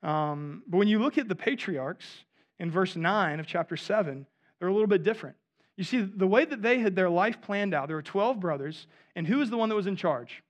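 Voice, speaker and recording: A high-pitched man in his thirties delivers a sermon in a church, amplified by a mic. His delivery is animated and chatty, full of asides to the congregation. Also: a little fast, lo-fi sound. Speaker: pastor. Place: church before a live congregation.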